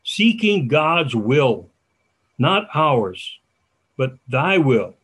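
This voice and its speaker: An older man preaching a sermon as a church elder, folksy and halting, with restarts and asides. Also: mid-range voice, very animated, fairly bright tone, husky.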